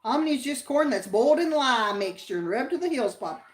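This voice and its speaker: Give me a homey Appalachian woman chatting on a livestream, slightly high-pitched, with a roomy echo. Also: animated, brisk, a little hiss or hum. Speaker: livestream co-host. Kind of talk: casual chat reading viewer comments.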